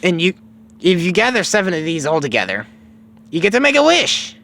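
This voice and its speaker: A man's voice: high-pitched, wildly swooping pitch, brisk, bright, forceful tone, voice pushed up, heavily acted. Brief: upbeat young male martial artist, casual and carefree, done by a male storyteller. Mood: breezy.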